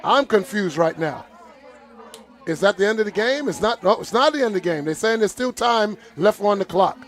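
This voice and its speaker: A man's voice: high voice, lively intonation, moderate pace, a bit bright, some chatter behind. A man calling a live football game as commentator, getting worked up and indignant as he talks to the field. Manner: exasperated, indignant, talks to the players. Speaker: play-by-play commentator.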